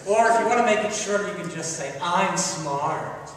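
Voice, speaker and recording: Male pastor, friendly children's storyteller, slightly high voice, distant in a reverberant church. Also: lively intonation, moderate pace, slight background noise. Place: large church sanctuary. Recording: echoey church hall from far off.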